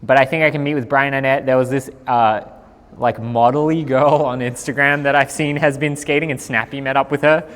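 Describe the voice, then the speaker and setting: A man's voice: mid-range voice, steady tone, fairly quick, a bit bright, long reverb tail. A young man with an Australian accent, a skateboarder chatting casually on a live stream in a laid-back, slangy way.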